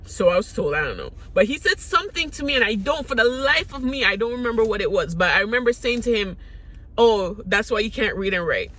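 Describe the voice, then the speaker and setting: Very animated and quick, with few pauses, this vlogger speaks in a fairly high voice that sounds pushed and bright. Raised in the Caribbean, she tells the camera personal stories candidly, rambling and restarting a lot.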